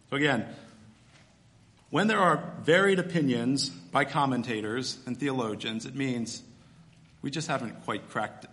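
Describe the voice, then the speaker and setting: A man preaching a sermon, teaching through a scripture passage step by step in a relaxed, conversational way. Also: medium pitch. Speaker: pastor.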